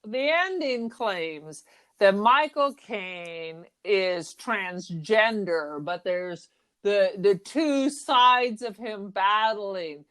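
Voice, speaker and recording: A woman's voice: mid-range voice, animated, extremely slow, a bit bright, clear, resonant tone. A woman co-hosting a podcast, discussing a horror film in a wry, sarcastic, casual way. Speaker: podcast co-host.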